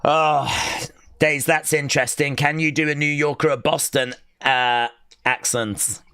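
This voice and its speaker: A young man hosting a live wrestling watch-along, calling the action and chatting with viewers, often shouting at big moves. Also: a little high, steady tone, unhurried, smooth, no echo, studio quality.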